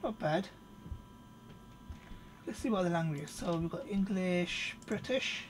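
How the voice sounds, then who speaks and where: A man's voice: high voice, lively intonation, noisy background. Casual man thinking aloud. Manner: off-the-cuff, thinking aloud with fillers and quick asides. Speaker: product reviewer. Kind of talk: casual screen-recorded software demo.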